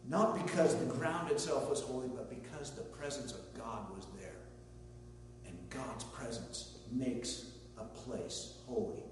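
A male pastor delivers a sermon in an easygoing, conversational way, with story asides and a bit of humor, at a middling pitch. He is picked up from some distance in a very echoey hall with a long reverb tail. A faint hum sits under his voice. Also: unhurried.

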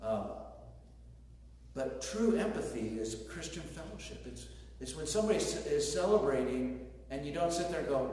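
A pastor delivering a conversational sermon with joking asides, speaking to a congregation. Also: male voice, fairly high pitch, lively intonation, moderate pace, darkish tone. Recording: very echoey hall, distant mic, faint noise.

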